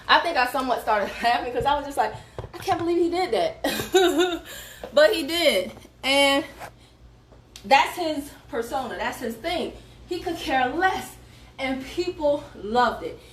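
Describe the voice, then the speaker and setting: A high-voiced woman tells a story on a live stream while she exercises. She is chatty and animated, laughs often, and sounds a little out of breath. She is heard from a distance in a roomy space with faint background noise. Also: a little slow, long pauses. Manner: animated, chatty, addresses viewers as y'all, laughs a lot. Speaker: fitness coach recruiting for her team.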